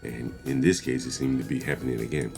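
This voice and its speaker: A man hosting commentary on a clip, speaking in a measured, analytical way and chuckling between points. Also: very deep voice, fairly even intonation, vocal fry, a little mellow, soft background music. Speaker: commentary host.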